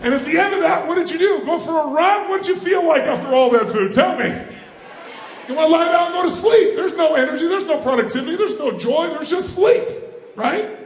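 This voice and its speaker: A man giving a live motivational seminar talk, energetically calling on the crowd to answer and shout back. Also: very high-pitched, fairly quick, a little hiss or hum. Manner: energetic, calls on the crowd for responses. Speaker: motivational speaker. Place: large hall with a live audience. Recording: roomy hall sound.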